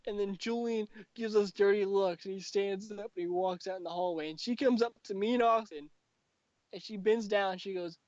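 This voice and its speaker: A young man with a high, steady voice and darkish tone talks at normal speed while hosting a casual podcast. He narrates a school story laced with profanity, mockingly performing his friends' words. It's a dull lo-fi home recording with no echo.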